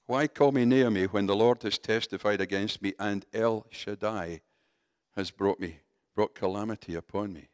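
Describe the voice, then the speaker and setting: A man preaching a sermon in a conversational, animated way, talking directly to his congregation. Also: lowish voice, measured pace, dry recording, studio quality.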